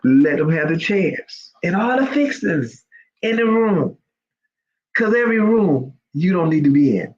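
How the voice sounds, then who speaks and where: A man's voice: high-pitched, very animated, a little slow, a little mellow. A man hosting an inspirational faith livestream, talking in an emphatic, repetitive, preacherly way. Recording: dull lo-fi sound.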